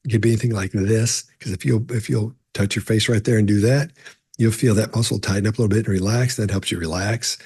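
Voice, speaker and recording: A man's voice: fairly low pitch, steady tone, fast, a little mellow, breathy edge, no echo. A middle-aged man with a conversational style, answering questions about body language and telling stories with frequent restarts. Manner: conversational, storytelling, frequent restarts and "you know". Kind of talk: casual explanatory talk to camera.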